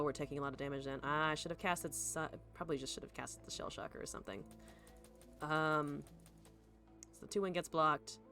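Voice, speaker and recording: A woman's voice: on the low side, sharp tone. A woman streamer thinking aloud through a card game, swearing freely and chatting to her viewers. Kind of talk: live gameplay commentary.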